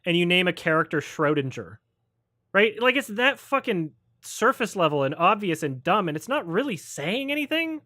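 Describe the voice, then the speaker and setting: A man's voice: high voice, sing-song, normal speed, pushed and bright, no echo, studio quality. A man hosting a livestream, ranting about films in a sarcastic, profane way and mocking people with put-on quotes. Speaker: host. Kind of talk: livestream film review chat.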